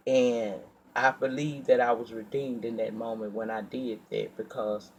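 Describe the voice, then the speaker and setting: A man telling a personal story in a casual storytime monologue, animated and profane, acting out his own heated outbursts and then dropping to a quiet, earnest tone when he reflects. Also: mid-range voice, measured pace, slight background noise. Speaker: storyteller vlogger.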